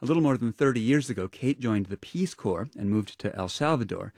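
A man hosting a radio segment, reading a scripted introduction in a measured way. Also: mid-range voice, expressive, a little mellow, dry recording, clean studio sound. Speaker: radio host.

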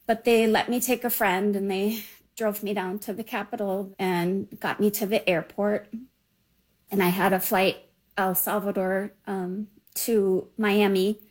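A woman in her fifties telling a personal story in a quiet, emotional, reflective way. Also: medium pitch, rough recording. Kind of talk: personal recollection.

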